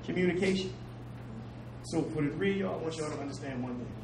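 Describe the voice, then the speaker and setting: A man's voice: on the high side, fast talker. A man teaching an informal class, talking loosely with street slang and some scripture quotes, recorded from across the room. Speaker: civic class speaker. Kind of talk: informal lecture to a small class. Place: indoor meeting room. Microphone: distant camera mic. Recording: echoey room, far from the mic, noisy.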